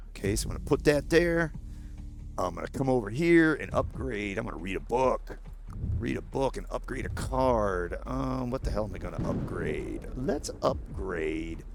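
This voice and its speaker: A man with a sore throat and a gravelly voice, walking through a video game casually and bluntly, explaining each step. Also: lowish voice, a little hiss or hum. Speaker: gaming YouTuber. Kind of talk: casual gameplay walkthrough.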